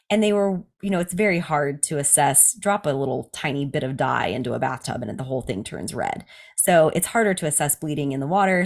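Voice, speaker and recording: A woman in her thirties, a podcast host, candidly telling a personal story in casual chat, laughing often. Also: on the low side. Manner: candid, laughs often, quotes others in livelier voices.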